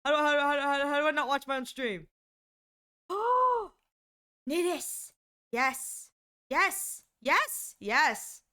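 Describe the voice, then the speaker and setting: A woman live-streaming, chatting casually to her viewers with excitable exclamations and frequent giggles. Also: high voice, measured pace.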